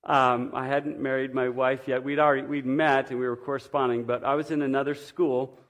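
A middle-aged man giving a sermon, telling a personal story earnestly and swinging between emphatic and hushed delivery. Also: medium pitch, level tone, brisk. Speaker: pastor.

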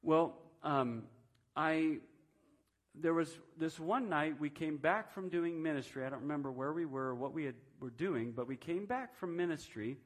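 A man's voice: fairly high pitch, moderate pace. A man in his fifties telling a personal testimony during a sermon, in a conversational storytelling manner with frequent restarts. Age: 50s. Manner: self-described reserved personality. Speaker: preacher.

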